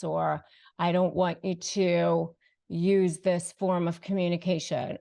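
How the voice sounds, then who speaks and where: Woman with a gravelly edge talking straight to camera, punchy advice, leans on key words. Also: lowish voice, darkish tone. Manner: emphatic, slows down to stress key phrases. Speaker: host giving advice. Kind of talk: direct-to-camera advice talk.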